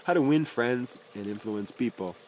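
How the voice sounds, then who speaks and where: A man's voice: mid-range voice, moderate pace, darkish tone, a little hiss or hum, poor audio. A man reading aloud a long list of self-help titles and their authors, with dry, wry asides and his voice dropping on each name.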